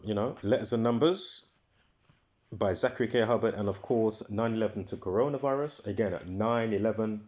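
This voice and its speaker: A man hosts his own video in a casual, rambling monologue, repeating himself, leaning on fillers, restarting often, and swearing when he gets heated. His voice is lowish and a little mellow.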